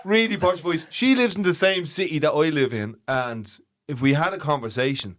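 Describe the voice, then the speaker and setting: A man's voice: fairly high pitch, normal speed, fairly bright tone. Bantering Dublin man co-hosting. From Ireland. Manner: banter-heavy, laughs easily. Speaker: podcast co-host. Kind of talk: casual chat.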